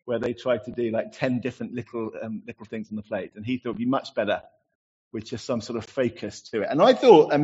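A man's voice: mid-range voice, a little mellow, slightly rough, dull audio. A man preaching a sermon, chatty and self-deprecating, with many fillers as he tells anecdotes. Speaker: pastor.

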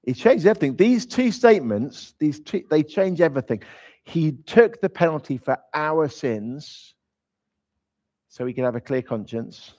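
A man's voice: on the high side, animated, moderate pace, a little mellow. A man preaching in an informal, conversational way. He is emphatic and drops in humorous asides. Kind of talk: conversational sermon. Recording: slightly dull, lo-fi sound.

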